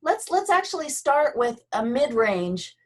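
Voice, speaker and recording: A woman leads a slow, gentle movement and voice lesson. She speaks over a video call, pausing between cues. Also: sits high, big pitch swings. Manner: gentle, slow guiding with pauses. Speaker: Feldenkrais movement instructor.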